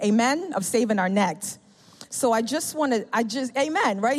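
A middle-aged woman giving an animated testimony sermon, telling her story and calling out to the congregation. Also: a little high, moderate pace. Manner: animated storytelling, acts out quoted speech, calls out "amen?". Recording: long hall reverb.

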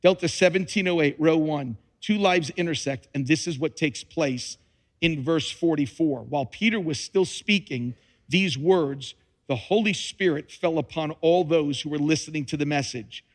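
A man preaching a sermon, reading scripture dramatically with emphatic repetition and touches of humor. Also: on the high side. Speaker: pastor. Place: church sanctuary. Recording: long reverb of a large hall.

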